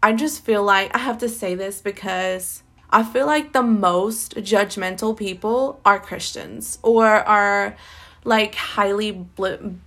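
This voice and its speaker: A woman with a bright, sharp-edged voice, venting in an unscripted diary-style monologue. She is blunt and candid, swears freely, and rambles with lots of fillers and laughs. She sounds worn out and tired. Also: medium pitch, takes it slowly. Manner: blunt, candid, heavily profane. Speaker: podcast host.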